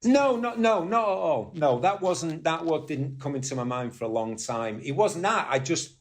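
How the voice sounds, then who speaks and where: A man from northwest England telling rambling, animated stories as a guest on an interview podcast, swearing now and then. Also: a little high, moderate pace. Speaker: guest musician. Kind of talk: casual storytelling interview.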